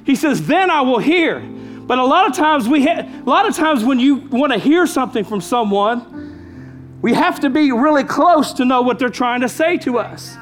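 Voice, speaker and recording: A man's voice: extremely high pitch, lively intonation, moderate pace, fairly bright tone. A pastor preaching a sermon, emphatic, repeating his key lines and calling out to the congregation, with faint music behind him. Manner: emphatic preaching with repeated phrases and call-outs.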